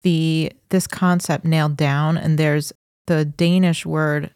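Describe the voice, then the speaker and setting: Softened New York woman, dry close sound. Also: low-pitched, level tone, takes it slowly, smooth, no room sound. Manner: chatty, thinks aloud with restarts. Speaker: podcast co-host. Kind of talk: casual chat.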